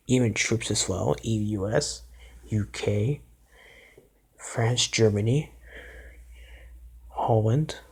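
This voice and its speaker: A man's voice: lowish voice, slow, creaky, long pauses, darkish tone, breathy edge. A man vlogging his reactions to a news clip, exclaiming and talking back at it indignantly. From Canada. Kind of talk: casual reaction commentary.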